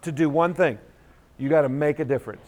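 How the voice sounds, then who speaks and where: A man with a high-pitched voice gives an animated talk in a school assembly hall. He tells stories, acts out the dialogue, and gets the crowd to chant lines back to him. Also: a little fast, slight background noise. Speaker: motivational school speaker. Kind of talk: storytelling speech with call-and-response.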